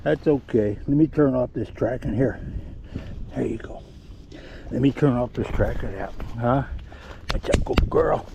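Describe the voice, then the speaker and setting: A man narrating a casual outdoor vlog as a dog handler, in folksy rural grammar, switching into high cooing praise for his dog. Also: moderate pace, creaky, long pauses. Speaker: dog handler tracking wounded deer. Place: outdoors in the woods. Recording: outdoor field recording with background noise.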